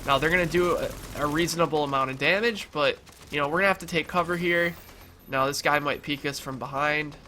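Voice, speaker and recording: A young man talks casually over his own gameplay, his voice nasal and stuffed up from allergies. His tone is bright and forward, and he chats easily, padding his sentences with ums and you-knows as he reassures his viewers. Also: fairly high pitch, a little fast, a little hiss or hum. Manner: chatty, filler-heavy, reassuring the viewers. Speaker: gaming YouTuber.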